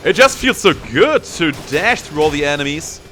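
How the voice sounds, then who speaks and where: A man's voice: fairly high pitch, lively intonation, moderate pace, bright, forceful tone, faint music behind. A young man giving casual commentary on his own gameplay, playfully taunting enemies as he goes. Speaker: gameplay streamer.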